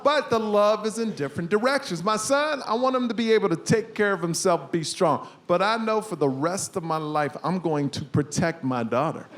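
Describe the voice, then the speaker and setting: High-voiced man doing animated stand-up. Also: normal speed, few pauses. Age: 40s. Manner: animated storytelling with loud punchlines. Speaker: stand-up comedian. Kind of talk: stand-up comedy set. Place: stage before a live audience. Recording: live stand-up recording with audience noise.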